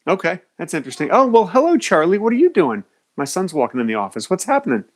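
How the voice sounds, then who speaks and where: A man's voice: high-pitched, very animated, fast. A man hosting a call-in radio show from his home office, talking casually into a cell phone in an easygoing, jokey way and chuckling often.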